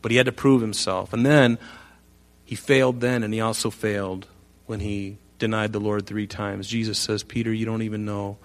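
A male preacher delivers a sermon with lively energy. He drops to quiet asides, then rises sharply as he acts out the people in the story. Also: on the low side, normal speed. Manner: animated, acts out quoted voices with loud rising bursts.

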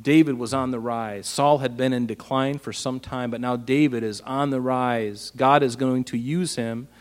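A pastor preaching a casual, animated Bible-teaching sermon, asking his listeners rhetorical questions. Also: medium pitch, normal speed, smooth, long reverb tail.

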